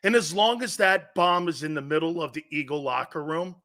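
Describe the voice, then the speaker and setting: Bright, high-voiced ranting sports talk host. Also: male voice, expressive, fairly quick. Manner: blunt, profane, repeats his point hammering it home. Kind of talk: opinionated sports talk rant.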